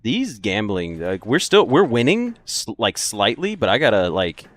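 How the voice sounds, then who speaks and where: A man with a fairly low voice chats casually through a gaming stream. He jokes with his viewers and laughs often, keeping the talk loose and playful. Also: wildly swooping pitch, moderate pace, fairly bright tone. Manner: joking, chatty, laughs often.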